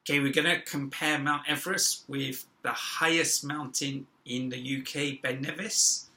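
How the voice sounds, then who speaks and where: A man teaching an English grammar lesson, speaking slowly and stressing each example word. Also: medium pitch, little pitch movement, bright, forceful tone, poor audio. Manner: slow, deliberate, stressing example words. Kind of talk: classroom-style grammar lesson.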